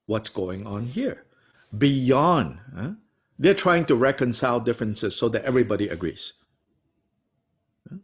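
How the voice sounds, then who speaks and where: A man teaching a study class, answering a student with rhetorical questions and small laughs. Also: breathy edge. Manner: animated, wide-ranging pitch, rhetorical questions, small laughs.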